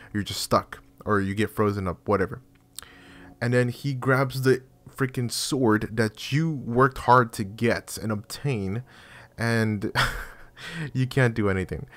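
A man commenting casually on his game as he plays, excitable and chatty, cursing and addressing his viewers often. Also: lowish voice. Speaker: gaming channel host.

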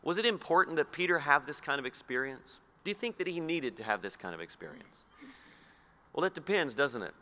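A man from Australia preaching a sermon, reading scripture slowly and low and putting questions to his listeners. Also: very animated, pushed and bright. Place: church hall. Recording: long hall reverb.

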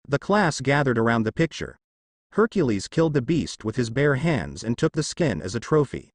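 A man's voice: medium pitch, sing-song, normal speed, no room sound, clean studio sound. A man narrating a fan story in a storybook reading style.

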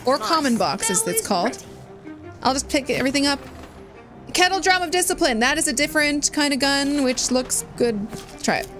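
A high-pitched woman playing through a video game, muttering her thoughts aloud and cursing as she goes. Faint game music runs underneath her voice. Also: lively intonation, normal speed, a bit bright. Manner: swearing, thinking aloud. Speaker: streamer. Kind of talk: casual gaming commentary.

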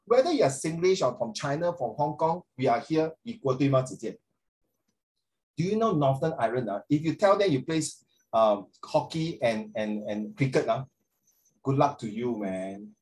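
A middle-aged man with a Singaporean accent, tutoring a class online, animated and calling on students by name. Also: medium pitch, moderate pace. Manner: animated, code-switching, questions students by name.

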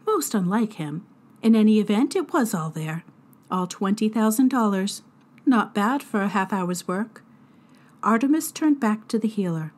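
A woman teacher reading a chapter book aloud to students in a deliberate, expressive narration. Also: medium pitch. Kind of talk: storybook read-aloud narration.

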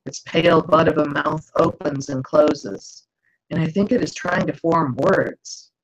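A woman author reading her own novel aloud in a slow, dramatic, expressive way over a video call. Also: low voice, crowd noise. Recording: dull lo-fi video call audio.

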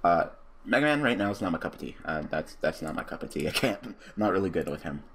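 A man giving casual let's-play commentary, cursing freely and breaking into loud, excited outbursts and laughter. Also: sits low, fast, breathy edge. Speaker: gaming commentator.

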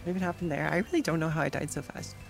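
Sarcastic streamer with vocal fry. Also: medium pitch, very fast, faint music behind. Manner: chatty, sarcastic, reacting to gameplay and chat. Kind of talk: casual gaming stream chatter.

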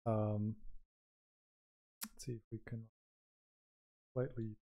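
A man chatting casually on a live stream as he makes music, thinking aloud in an unhurried way, through a microphone with noise reduction and compression. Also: fairly low pitch, level tone, gravelly, mellow. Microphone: new microphone with noise reduction and compression.

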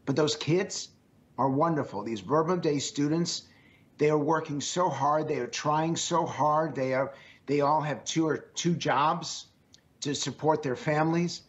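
A man with a slightly high voice answers interview questions in an earnest, emphatic way, going back over his own phrases. His voice sounds strained. The audio is dull and lo-fi, as from a remote link. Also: a little slow. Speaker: pollster guest.

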